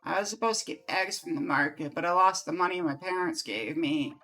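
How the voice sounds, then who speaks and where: Man putting on a high, teary little village kid. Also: lively intonation, rapid-fire, bright, forceful tone, slight background noise, exaggerated voice. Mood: tearful. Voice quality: high, pleading child voice. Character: tearful young village child, timid and earnest. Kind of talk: reading game dialogue aloud.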